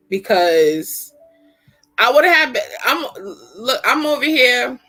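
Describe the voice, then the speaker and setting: A middle-aged woman hosting a casual livestream, talking in an animated, chatty, slangy way. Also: medium pitch. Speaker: livestream host. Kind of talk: casual chat.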